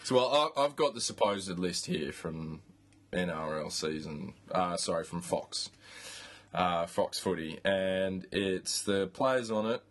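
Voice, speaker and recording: An Australian podcast host chats casually about football, rambling with restarts and the odd swear word. His voice is low-pitched and animated, delivered at a slow pace.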